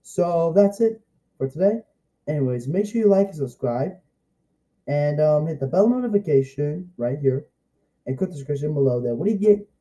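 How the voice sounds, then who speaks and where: Excitable rambling young man, dark voice. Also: a little high, moderate pace. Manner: rambling, excitable, repeats himself. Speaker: vlogger reviewing a show. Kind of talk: casual excited review vlog.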